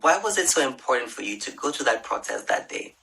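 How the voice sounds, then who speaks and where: A male news interviewer with a gravelly edge to his voice, asking his questions in a steady, measured broadcast manner. His pitch sits in an ordinary middle range, and he keeps a calm, even delivery throughout. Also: a little hiss or hum, low-quality recording.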